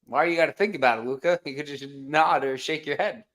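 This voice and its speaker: A man co-hosting a fan sports livestream with teasing, laughing banter and quick reactions. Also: on the high side, fairly bright tone. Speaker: co-commentator.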